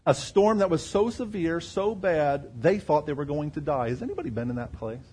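Man, pastor, sermon, husky voice, rhetorical questions, loud and soft swings. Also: expressive, normal speed. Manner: asks the crowd rhetorical questions; swings between loud emphasis and quiet lows.

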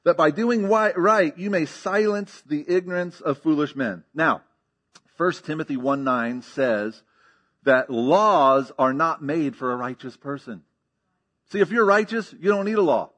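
A man's voice: fairly high pitch, animated, unhurried, a bit bright. Emphatic man preaching a sermon. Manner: emphatic teaching, rhetorical questions, frequent "okay?". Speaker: pastor.

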